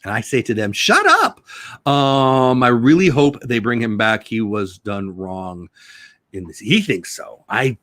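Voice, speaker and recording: A man's voice: medium pitch, measured pace, fairly bright tone, dry recording, clean studio sound. A middle-aged man hosting a casual home livestream, rambling and joking while reading chat comments aloud. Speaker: livestream host.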